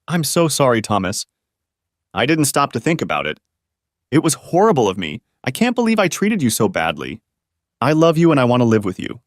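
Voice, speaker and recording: Guy reading a sorry young woman pleading, storybook style, no real voice change, lots of pitch movement. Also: huge pitch swings, a little fast, dry recording, studio quality. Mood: remorseful. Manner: pleading, remorseful. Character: young woman tearfully apologizing to her partner.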